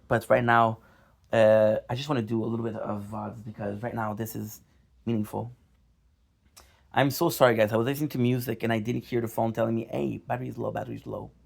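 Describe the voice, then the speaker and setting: A young man talks straight to his viewers in a frustrated, apologetic vlog. His voice has a gravelly, fry-edged texture, and he swears and repeats himself as his annoyance builds. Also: mid-range voice. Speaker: gaming vlogger. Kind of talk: casual vlog talk to viewers.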